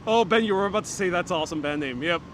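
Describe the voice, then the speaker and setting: Rapid-fire and high-pitched, a young New Yorker chats casually on a live stream as he walks through the city, joking and reading comments from his audience. His wireless clip-on mic catches loud street traffic.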